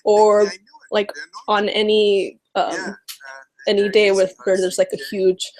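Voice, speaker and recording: A woman's voice: medium pitch, slow, low-quality recording. A woman talking casually to camera about politics, nervous and exasperated, full of "um" and "you know". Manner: nervous, exasperated and animated, mocking others in quotes; heavy use of fillers like "um" and "you know". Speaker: political vlogger.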